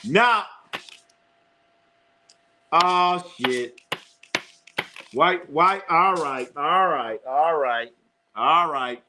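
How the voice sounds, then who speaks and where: A man's voice: fairly high pitch, extremely slow, long pauses, noisy background. A middle-aged man hosting a live sports stream, rambling and cursing, repeating phrases and laughing often as he reads chat.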